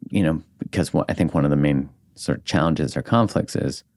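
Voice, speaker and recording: Very deep-voiced man, candid podcast chat. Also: fairly quick, darkish tone, no room sound, studio quality. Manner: candid, swears casually, reflective. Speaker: podcast host. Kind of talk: casual conversation.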